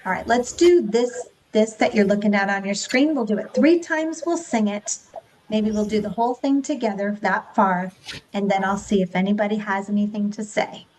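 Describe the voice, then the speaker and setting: A woman's voice: mid-range voice, normal speed, darkish tone, slight background noise, poor audio. A woman leading an online group speech class, encouraging her students as she coaches them through rhythm drills.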